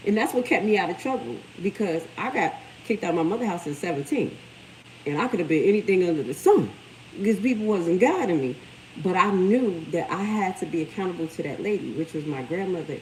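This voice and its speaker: A middle-aged woman speaks, her voice sitting slightly low as she hosts a casual livestream. She tells stories with animated energy. A faint background noise sits under the recording. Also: a little fast, rough recording. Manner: animated storytelling, lively quoted voices. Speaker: livestream host.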